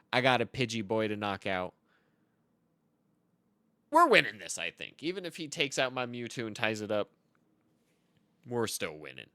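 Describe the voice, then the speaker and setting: A young man with a bright, sharp voice talks over a card game match, slipping into deadpan made-up stories. His tone is crisp and clean, and the sound is dry and close, with no room around it. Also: medium pitch, no room sound. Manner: deadpan absurd tall tales. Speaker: card game content creator. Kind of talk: joking commentary over gameplay.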